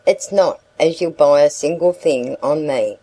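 A wheedling male packman with a broad country dialect, as a woman reader puts him on. He rolls out his coaxing sales patter at an unhurried pace in a low, mellow voice, all flattery and mock reluctance. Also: low-quality recording.

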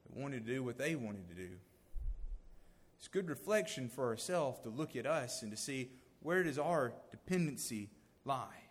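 A man giving a sermon, swinging from loud emphasis to hushed, near-whispered lines. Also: a little high, in a large hall. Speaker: lay preacher.

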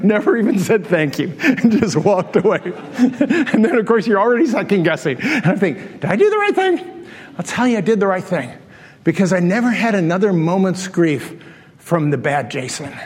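A middle-aged pastor with a high voice tells a story from the pulpit, animated and laughing at his own mistakes. His voice carries a long reverb from a large church hall. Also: normal speed. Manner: animated, self-mocking, laughing at himself. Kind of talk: storytelling sermon.

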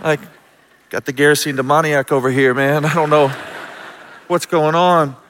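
Pastor, male, easygoing storyteller with humor, slightly high voice, big reverberant church sound. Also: steady tone, normal speed, fairly bright tone, slight background noise. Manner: conversational, self-deprecating humor with audience call-outs. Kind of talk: storytelling sermon. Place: church sanctuary before a congregation. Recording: long reverb of a large hall.

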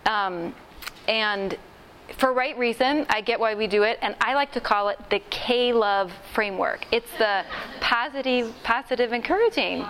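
A woman's voice: on the high side, measured pace, fairly bright tone, a little hiss or hum. A woman leading a Bible study training session, talking conversationally to a group and acting out quoted lines. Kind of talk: workshop teaching. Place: meeting room with a group.

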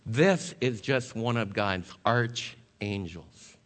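A man's voice: fairly low pitch, slow, a bit bright, big-room sound. A male pastor preaching a sermon, earnest, reading scripture aloud to his congregation. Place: church sanctuary.

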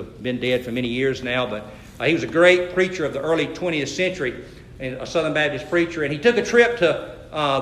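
A man's voice: a little high, fairly bright tone, reverberant, a little hiss or hum. A man preaching a sermon, telling stories and rising to emphatic scripture reading. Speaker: pastor.

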